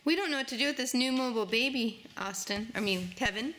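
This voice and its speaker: A woman's voice: on the high side, quick pace, hardly any pauses, fairly bright tone. A young mother at home, coaxing and cooing at her baby and dogs in sing-song baby talk. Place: at home indoors. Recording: noisy home recording.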